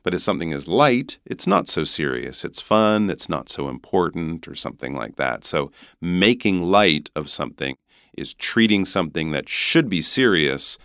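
A Canadian man with an extremely deep voice, smooth and resonant, teaching on a podcast. He explains pronunciation patiently, modelling different accents, recorded close and dry on a studio mic. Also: sing-song, normal speed, fairly bright tone, no room sound. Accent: Canadian English. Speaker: guest English teacher. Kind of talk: podcast language lesson.

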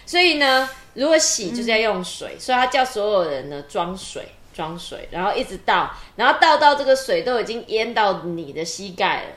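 A woman chattily explaining a children's story in short phrases, pausing on fillers. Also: medium pitch, sing-song, fairly bright tone, reverberant.

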